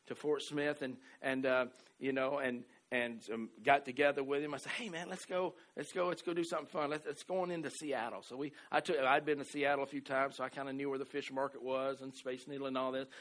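Bright-voiced southern preacher man. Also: mid-range voice, steady tone, brisk, few pauses. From American South. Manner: storytelling, swings from loud exclamations to soft asides; repeats words and restarts often. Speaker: pastor. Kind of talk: sermon.

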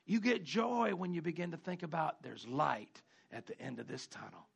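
A male pastor preaching a sermon, animated, jumping between a loud delivery and mimicked whining voices. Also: moderate pace, vocal fry, breathy edge. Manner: animated preaching with dramatic pitch swings and mimicked complaining voices.

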